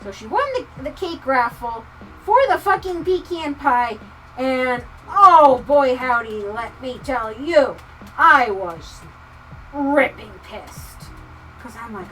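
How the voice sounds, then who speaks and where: Animated woman ranting over lofi music. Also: fairly high pitch, unhurried, recorded from a distance, a little hiss or hum, low-quality recording. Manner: animated ranting, profane, swings from mutter to near-shout. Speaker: livestreamer. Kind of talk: casual chat with viewers. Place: home craft room. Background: soft lofi music.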